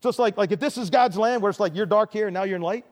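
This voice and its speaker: A man's voice: high-pitched, very fast. An older male pastor telling a story in a sermon, repeating words as he restarts phrases. His raised voice carries with long reverb through a big hall.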